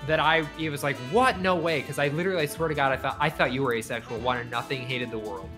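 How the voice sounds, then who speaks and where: A man's voice: medium pitch, fast talker, music in the background. A man casually telling a story, acting out the voices of the people in it and swearing freely. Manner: animated, acts out quoted voices, swears freely. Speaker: podcast guest.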